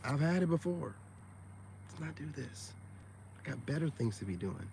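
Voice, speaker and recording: A man's voice: on the high side, lively intonation, moderate pace, gravelly, a little mellow, slight background noise. A man on a casual livestream, talking bluntly and with profanity straight to his viewers, peppering his speech with "man" and "you know what I'm saying.". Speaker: online self-help streamer.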